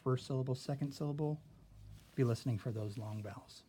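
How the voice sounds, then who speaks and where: A man's voice: mid-range voice, brisk, mellow, a little hiss or hum. A male teacher talking students through a phonics word sort, patient and step by step, often checking in with "okay?". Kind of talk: classroom phonics lesson.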